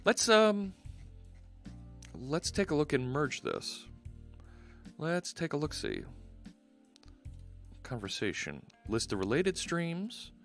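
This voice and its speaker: A man's voice: fairly high pitch, big pitch swings, takes it slowly, pauses often, a bit bright, faint music behind. A man hosting a live coding stream, chatting casually and upbeat, rambling and restarting his sentences. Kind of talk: casual livestream chat while coding.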